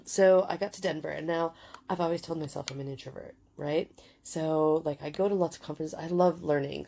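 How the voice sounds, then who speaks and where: A woman's voice: deep voice, gravelly, dark tone. A woman in her forties telling a story in a chatty, casual way, full of fillers and swearing. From United Kingdom. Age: 40s. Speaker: vlogger.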